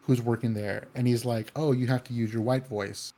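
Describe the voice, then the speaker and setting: A man's voice: mid-range voice, fairly even intonation, moderate pace, mellow. A man chatting casually, rambling with many fillers and restarts. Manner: acts out quoted voices in anecdotes. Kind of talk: casual chat.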